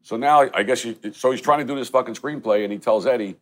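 A middle-aged podcast co-host with a medium-pitched voice talks fast with few pauses. Chatting casually at a restaurant, he tells stories bluntly, swears freely, and speaks in a street-talking way.

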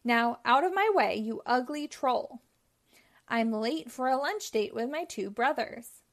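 A woman voicing a big, mean-tempered male billy goat who talks gruffly and scornfully. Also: a little high, lively intonation, unhurried.

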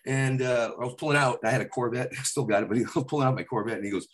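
A middle-aged comedian guest speaks very fast in a mid-range voice, telling stories in casual conversation. He's an animated storyteller who acts out the lines of the people in them, especially his dad's.

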